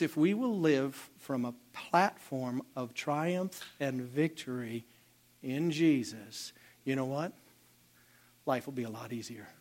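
A man preaching a sermon as pastor, animated and calling out to the congregation for responses. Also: medium pitch.

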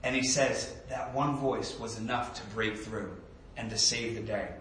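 A man in his thirties giving a casual, conversational sermon as a pastor, with fillers and restarts, reading a children's story aloud in an animated voice. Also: medium pitch, normal speed, far from the mic, slight background noise. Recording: echoey room, speaker away from mic.

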